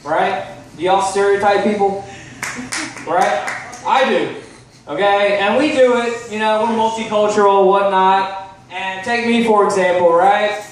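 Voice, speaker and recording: High-voiced man doing stand-up. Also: fairly even intonation, a little slow, a little hiss or hum. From Texas. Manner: chatty, asks the crowd "right?" often, swears. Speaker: stand-up comedian. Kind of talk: stand-up set. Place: comedy club stage. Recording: echoey club from far off.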